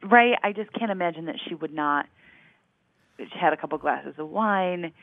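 A podcast co-host in casual chat, hesitant and measured, often restarting sentences. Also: medium pitch, vocal fry, no echo. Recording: tinny phone-like line.

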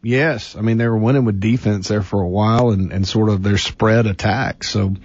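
A man's voice: fairly low pitch, steady tone, normal speed, a little mellow, slightly rough, no room sound, muffled recording. A man co-hosting a sports radio show, giving firm opinions with frequent restarts.

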